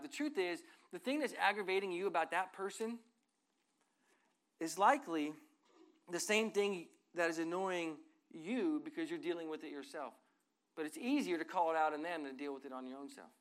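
A middle-aged man preaching a sermon as pastor, earnestly reading scripture and moving between loud and soft passages. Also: a little high.

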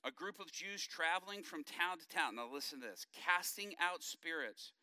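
Bright-voiced preaching man, dry close sound. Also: on the high side, moderate pace, no echo. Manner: animated storytelling, acting out quotes. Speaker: pastor. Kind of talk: sermon.

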